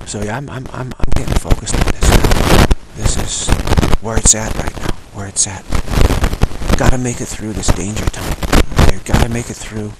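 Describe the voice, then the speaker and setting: Gravelly low-voiced man in heavy noise. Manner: rambling, acts out dialogues. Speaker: spiritual teacher. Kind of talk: informal spiritual talk. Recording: loud background noise.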